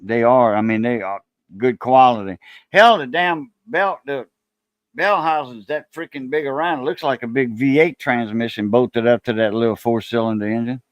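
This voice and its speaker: A man's voice: mid-range voice, normal speed, no echo. A man hosting a casual, rambling chat about car repair in a folksy, salty way. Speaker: channel host.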